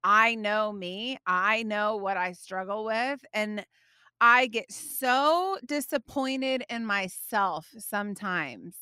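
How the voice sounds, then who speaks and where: Bright, chatty woman podcast host. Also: mid-range voice, slow pace, smooth, dry recording, studio quality. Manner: animated, chatty, frequent laughs; frequent fillers such as like and you know. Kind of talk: personal devotional storytelling.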